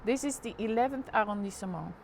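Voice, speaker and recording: A woman's voice: mid-range voice, fast, creaky, a little hiss or hum. Chatty Dutch woman live-streaming. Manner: chatty, narrates street scene to viewers. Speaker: live vlogger. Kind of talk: casual live-stream chat. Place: apartment window overlooking a city street.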